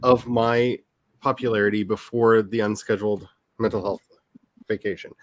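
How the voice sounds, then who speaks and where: A man hosting a casual talk among writers, chatty and animated, often restarting his sentences. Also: lowish voice, moderate pace, no echo. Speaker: author and channel host. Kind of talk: casual chat.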